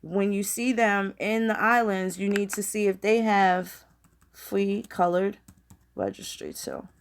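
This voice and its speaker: A woman hosting a loose, unscripted stream from her computer. She talks straight to her viewers, rambles from one thought to the next, and swears freely. Her pitch sits in an ordinary middle range for a woman. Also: very animated, slow, creaky, slight background noise. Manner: rambling, profane, conversational, addresses viewers directly. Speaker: channel host. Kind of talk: casual livestream talk.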